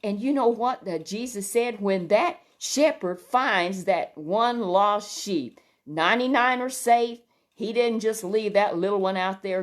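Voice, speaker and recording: Lady telling a kid a bible story, gentle, lots of little "oh"s, middle pitch. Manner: gentle, exclamatory with frequent "oh".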